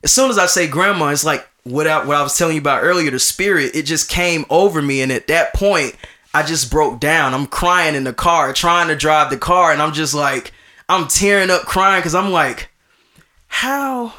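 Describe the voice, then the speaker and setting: A young man hosting a podcast, telling a personal story in casual chat, animated and acting out the voices of people he quotes. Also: on the high side, normal speed. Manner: animated, acts out quoted voices, many restarts. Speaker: podcast host.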